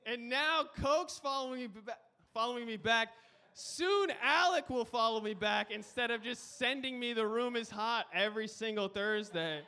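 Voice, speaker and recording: A man's voice: very high voice, moderate pace, sharp tone, clear, resonant tone. A man guest hosting a live comedy show, doing a loose, rambling stand-up set. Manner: loose, rambling, says dude a lot.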